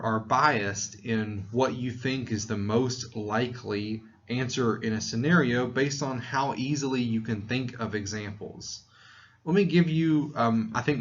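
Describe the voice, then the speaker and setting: A man's voice: medium pitch, dull audio. A man from Tennessee with a mild Southern accent, giving a conversational psychology lecture with fillers and restarts. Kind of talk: recorded lecture.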